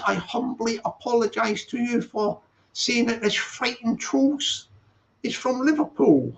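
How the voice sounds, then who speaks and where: Rambling man with a gravelly, high voice. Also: measured pace. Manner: rambling, self-correcting, stops to read the chat aloud. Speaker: channel host. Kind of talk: casual live-stream chat. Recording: dull lo-fi sound.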